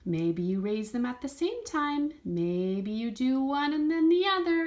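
Lady teacher reading a kids' book out loud, bouncy and sing-song, takes it slow and high. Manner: lively sing-song storybook reading, encouraging prompts. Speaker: dance teacher. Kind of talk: children's movement lesson with read-aloud.

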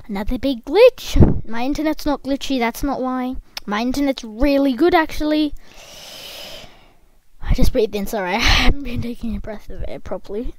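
A woman giving casual, chatty game commentary close to a desk microphone, talking straight to the viewers and bursting into excited yells. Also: high-pitched, normal speed, no room sound. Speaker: gameplay commentator.

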